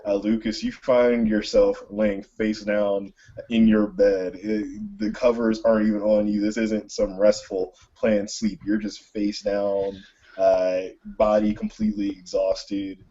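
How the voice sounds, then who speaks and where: A man runs a tabletop game in a halting, filler-strewn narration, his voice husky and gravelly with a lively rise and fall. The sound is muffled and lo-fi, like a voice call. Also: fairly low pitch. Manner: slow, halting, with many fillers. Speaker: game master.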